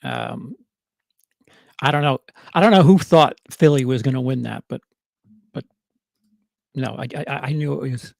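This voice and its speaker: A man's voice: medium pitch, big pitch swings, a little slow, vocal fry, long pauses, darkish tone, dry recording, studio quality. A man with a New York accent chatting casually on a livestream, answering his chat with lots of stammered restarts and fillers.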